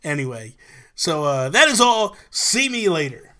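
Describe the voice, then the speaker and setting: Animated man telling stories between laughs. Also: on the high side, unhurried. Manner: animated storytelling, laughing often. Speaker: podcast co-host. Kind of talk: casual chat.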